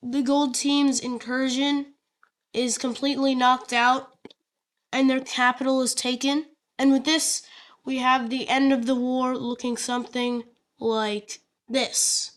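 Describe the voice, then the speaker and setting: Speaking slowly, a female map-video narrator walks through an alternate-history map story in a casual, chatty style packed with fillers and jokes on the side. She has a somewhat high voice and sounds easygoing and off the cuff.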